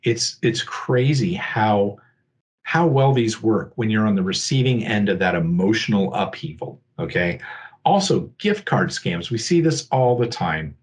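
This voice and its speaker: A man's voice: fairly low pitch, animated, unhurried. Man giving a conversational security talk. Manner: explanatory, often checks in with "okay?" and "right?"; acts out scammer and victim lines in a livelier voice. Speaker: security awareness presenter. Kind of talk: conversational presentation.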